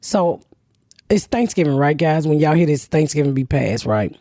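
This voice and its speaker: A woman's voice: low voice, expressive, normal speed, warm tone, no echo. Middle-aged woman cussing through a story on her podcast, voice bouncing all over, dry close mic. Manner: profane, blunt storytelling. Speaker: podcast host. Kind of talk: casual comedic chat.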